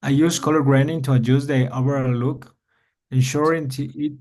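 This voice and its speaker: A man's voice: mid-range voice, steady tone, darkish tone. Hesitant Spanish-speaking male English learner. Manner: hesitant, with fillers, reads phrases aloud slowly. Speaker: student. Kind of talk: English practice on a call.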